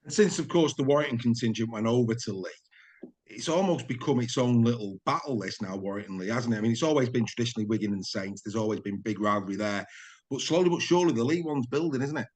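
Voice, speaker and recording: A man's voice: medium pitch, fast, a little mellow. A man hosting a casual interview, upbeat and leading his guest with tag questions. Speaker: podcast host.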